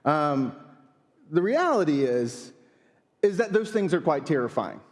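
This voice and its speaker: A man in his thirties, a pastor telling a funny, animated story during a sermon. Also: a little high, a little slow. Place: church sanctuary. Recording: long hall reverb.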